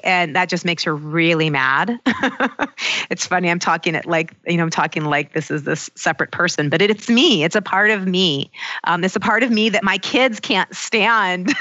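A middle-aged woman coach speaking in an earnest, personal, reflective way, slowing down to stress her key points. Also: lowish voice, animated, sharp tone, no room sound, muffled recording. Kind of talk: reflective self-help talk.

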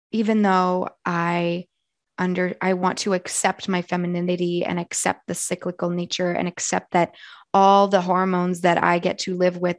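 A woman speaks in a reflective personal monologue, her voice hoarse and full of fry. She talks slowly, softly and earnestly, the way a coach talks to clients. The sound is dry and close. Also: fairly low pitch, no room sound. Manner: slow, soft and earnest. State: hoarse from yelling. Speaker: wellness coach.

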